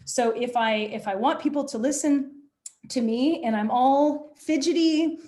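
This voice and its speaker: A woman leading an online workshop on presentation skills, speaking in an energetic, demonstrative way over a video call. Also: high-pitched, measured pace. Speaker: presentation coach.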